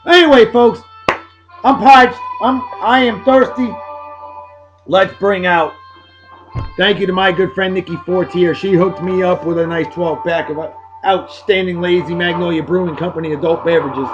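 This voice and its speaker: A man's voice: high voice, fairly even intonation, moderate pace, lo-fi sound, over music. A man from Massachusetts with a Boston-area accent, hosting a casual beer-tasting vlog at his home desk in a hammy, jokey way. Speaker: beer review show host.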